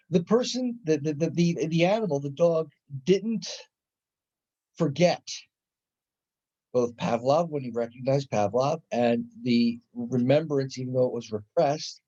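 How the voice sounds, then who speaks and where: A middle-aged male lecturer talks through psychology in a loose, conversational way, stopping to restart sentences and act out examples. His voice is dark and mellow, and the recording sounds dull and lo-fi. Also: mid-range voice. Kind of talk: classroom lecture.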